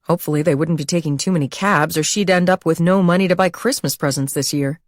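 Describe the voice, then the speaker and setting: A woman reading a thriller audiobook as narrator, in an even, measured storytelling manner. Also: sits low, dry recording, studio quality. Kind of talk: scripted narration.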